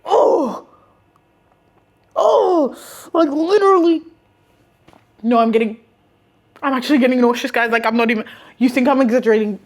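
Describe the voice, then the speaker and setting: A young woman in her twenties telling stories in a chatty, animated, slangy way, with laughs and restarts. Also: on the high side, fast. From Australia. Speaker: vlogger. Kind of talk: casual storytime.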